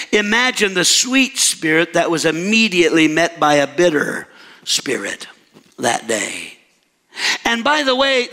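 High, gravelly man preaching. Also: pushed and bright, big-room sound. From mid-Missouri. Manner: emphatic preaching, drops low and slow for scripture quotes. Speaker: pastor. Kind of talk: sermon.

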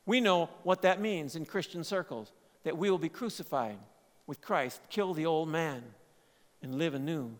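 A man preaching a sermon, swinging between loud emphatic lines and quiet, low asides. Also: moderate pace. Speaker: pastor. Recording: long hall reverb.

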